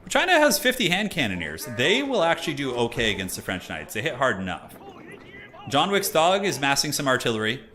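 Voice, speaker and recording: Faint music plays behind a man streaming a strategy game, who talks at a brisk clip in a medium-pitched voice. His commentary is casual, animated and meandering, stuffed with "like."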